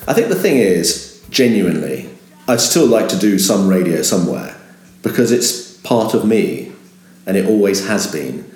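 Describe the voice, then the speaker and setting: An older man talks through his years as a radio presenter. His voice sits very low but swings widely, and he bursts into a bright, upbeat presenter voice to make a point. The room around him is noticeably echoey. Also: normal speed. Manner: animated, jumps to a bright upbeat presenter voice when demonstrating. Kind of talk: reflective interview.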